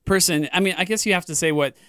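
A man's voice: sits high, fast talker, sharp tone, smooth, no echo, studio quality. A man co-hosting a podcast in casual chat, with short reactions and questions.

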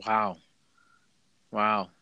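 A man hosting a podcast, telling a heartfelt parenting story in a warm, rambling conversational way with restarts. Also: lowish voice, flat delivery, very slow, smooth, no echo, dull audio. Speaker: podcast host. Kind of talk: casual conversational interview.

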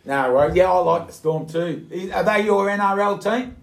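A man with an Australian accent hosting a radio show, asking short, chatty questions and agreeing quickly. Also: high voice, vocal fry. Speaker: radio host. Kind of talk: casual radio chat.

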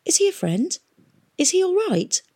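A woman reading a novel aloud, voicing an anxious young man with a raised, breathless, hushed delivery. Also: very high voice, wildly swooping pitch, fast, voice pushed up, heavily acted. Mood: worried.

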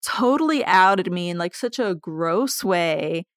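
Podcast guest, woman, candid storyteller, lively with laughs, dry close sound. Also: lowish voice, takes it slowly, no echo. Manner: animated, laughs while telling stories.

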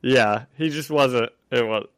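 A man's voice: medium pitch, a little slow, a bit bright, dry recording. A man co-hosting a podcast, chatting casually and rambling with many fillers and "like"s. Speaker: podcast co-host. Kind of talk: casual chat.

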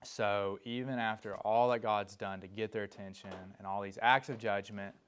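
A man's voice: on the low side, fairly even intonation, normal speed, a bit bright, smooth. A man teaching from the Bible, explaining a passage and reading scripture aloud with emphasis. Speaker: preacher.

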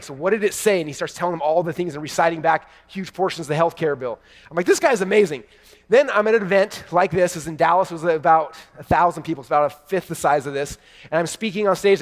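Fast-talking man in a big hall. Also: sits high. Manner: excited storytelling, addresses crowd as "you guys". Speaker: keynote speaker. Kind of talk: energetic stage keynote. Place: large event hall before a live audience.

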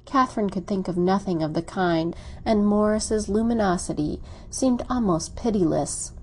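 A woman reading a classic novel aloud as an audiobook narrator, in a measured, unhurried way. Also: medium pitch, darkish tone, slight background noise.

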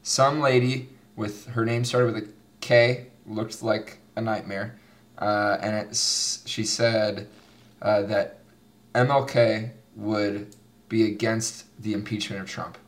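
A man's voice: lowish voice, flat delivery, slow pace. Laughing young man hosting a podcast. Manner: laughs often, rambling storyteller. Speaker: podcast host. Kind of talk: casual chat.

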